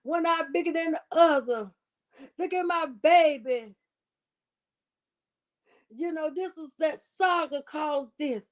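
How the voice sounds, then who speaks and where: A woman's voice: sits high, slow, pauses often, pitched above the performer's own voice. A woman mimicking a boastful, deluded woman in a fur coat and shades, brash and self-important as she brags to her fans. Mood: indignant.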